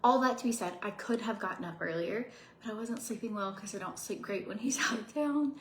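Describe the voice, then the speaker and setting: A woman's voice: medium pitch, a little fast. Bubbly woman in her 30s rambling to the camera from her office, lots of likes and little laughs, roomy echo, faint hum behind. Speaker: vlogger. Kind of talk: casual chat to camera. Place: home office. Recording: echoey room with faint background ambience.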